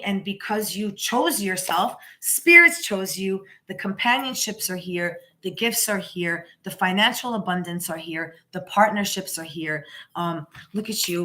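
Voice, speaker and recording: Lady reading tarot cards live, bright sharp voice, keeps restarting her sentences. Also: mid-range voice, unhurried. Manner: rambling, with many restarts and repeated "you know"; emphatic and encouraging. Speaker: tarot reader.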